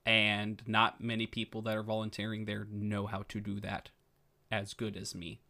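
A man co-hosting a podcast in casual, excitable chat. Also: lowish voice, moderate pace, gravelly. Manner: chatty, excitable, restarts often. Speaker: podcast co-host.

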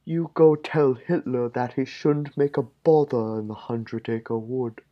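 A man voicing a gruff, worn-out male storybook bear who draws out his words slowly. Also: medium pitch, steady tone, highs cut off, voice pushed up, close to an everyday voice. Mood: stern.

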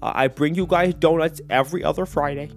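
A man's voice: a little high, brisk, faint music behind, close to an everyday voice. A man voicing a timid male office worker who stammers through asking his boss for a raise. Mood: hesitant. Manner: hesitant, stammering.

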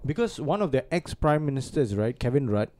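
A man co-hosting a casual podcast, blunt and opinionated, swearing freely. His voice is mellow and relaxed, sitting in a middle pitch. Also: brisk. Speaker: podcast co-host. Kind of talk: casual chat.

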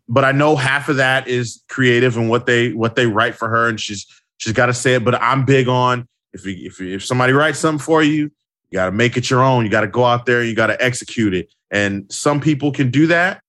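A man's voice: medium pitch, a little fast, a bit bright. A man with a mid-range voice talks on a casual podcast. He is emphatic and agreeable, and he repeats lines to drive a point home. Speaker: podcast co-host. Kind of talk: casual wrestling podcast chat.

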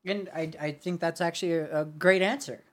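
A young man co-hosting a podcast in casual chat, speaking deliberately with hesitations and restarts. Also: a little high, steady tone. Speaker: podcast co-host.

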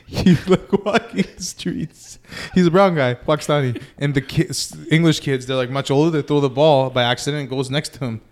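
A man co-hosting a casual podcast, telling animated anecdotes with frequent laughter. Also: mid-range voice, a little fast. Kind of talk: casual chat.

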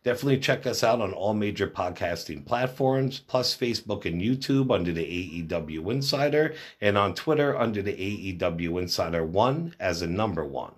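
A man's voice: lowish voice, expressive, normal speed, few pauses, breathy edge. A man hosting a wrestling news podcast, reading stories and quotes aloud with casual asides. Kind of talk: read-out news roundup.

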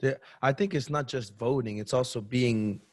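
A young man talks loosely at a mid pitch, full of fillers and slang. The sound is dry and close. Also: normal speed, a little mellow, dry recording. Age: young adult. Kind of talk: casual chat.

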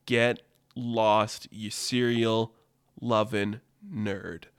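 A man's voice: on the low side, level tone, very slow, noisy background. A man voicing a ruthless old male duck tycoon who gloats and hurls crude insults, in a spoken story. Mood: gloating.

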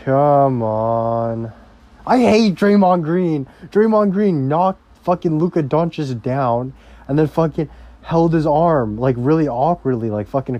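A man's voice: on the high side, animated, warm tone, no room sound, muffled recording. A young man ranting casually and profanely on a vlog, rambling from topic to topic. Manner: rambling, heavily profane, slow-paced. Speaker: vlogger.

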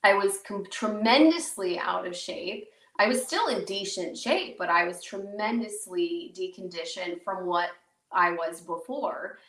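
A woman podcast host from the Chicago suburbs telling a personal story in a casual, animated way, full of fillers and acted-out quotes. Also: mid-range voice, unhurried, far from the mic. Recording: roomy echo, voice a bit off-mic.

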